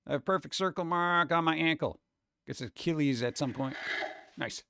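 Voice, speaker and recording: Rambling, animated man chatting casually. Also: a little high, moderate pace, smooth. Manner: rambling, animated, jokey with mock voices. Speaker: streamer chatting with viewers. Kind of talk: casual live-stream chat.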